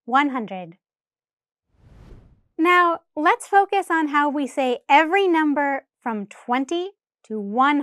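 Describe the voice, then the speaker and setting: A woman teaching English number pronunciation, counting clearly and deliberately for learners to repeat. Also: high-pitched, no echo, clean studio sound. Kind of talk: slow, careful pronunciation lesson.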